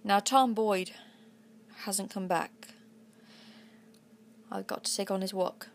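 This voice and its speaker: Woman doing a hoarse, spent English teenage boy. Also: mid-range voice, fairly even intonation, slow pace, slight background noise. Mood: weak, hoarse. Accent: put-on English. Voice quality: husky, hoarse, hushed. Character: exhausted teenage boy narrator-hero, determined.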